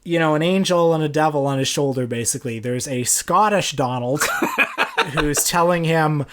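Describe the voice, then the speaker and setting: A man co-hosting a film podcast in casual chat, his voice sitting a bit high for a man. He talks through the topic with dry, joking asides. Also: moderate pace, noisy background. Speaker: podcast co-host.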